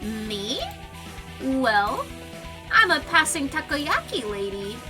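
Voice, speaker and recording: Girl doing a chill confident finch lady, teasing, high voice. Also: big pitch swings, takes it slowly, heavily acted. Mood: breezy. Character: cool, confident female finch rescuer. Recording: distant mic, faint music behind.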